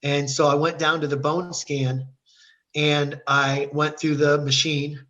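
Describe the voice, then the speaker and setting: A man's voice: fairly high pitch, level tone, unhurried, fairly bright tone. A middle-aged man from Ohio, a guest telling his faith testimony in an earnest, storytelling way over a video call. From Ohio, USA. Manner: earnest storyteller who acts out quoted dialogue.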